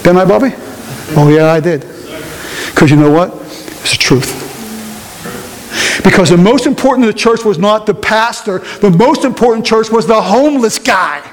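A man preaching a sermon, telling a story and asking the congregation questions, speeding up and slowing down for emphasis. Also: high voice. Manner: animated, rises and slows for emphasis, asks the congregation questions. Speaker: pastor. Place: church. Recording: long hall reverb, faint hiss.

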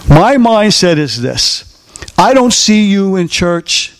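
A middle-aged man preaching from the pulpit in a notably high voice. He drives each point home by hammering lines again and again. He keeps throwing questions out to the congregation. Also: very animated, slow, clean tone. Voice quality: emphatic, asks the congregation questions and repeats key lines. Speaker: pastor. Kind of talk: sermon.

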